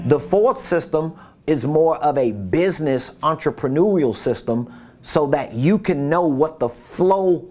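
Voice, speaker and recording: A man's voice: mid-range voice, darkish tone. A man giving a casual business coaching talk, repeating his points and asking rhetorical questions.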